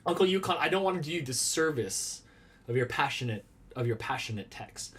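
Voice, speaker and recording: A man's voice: on the high side, animated, a little fast, a bit bright, breathy edge. A man hosting a casual live stream from a small room at home. He rambles in a playful way, answers viewer comments and jokes about himself. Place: small room at home with a red wall and lava lamps.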